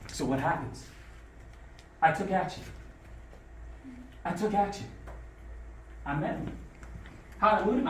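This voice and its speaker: A man giving a motivational talk to students, telling stories in a lively call-and-response way. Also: high voice, slight background noise. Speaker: motivational speaker. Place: school classroom. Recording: echoey room from far off.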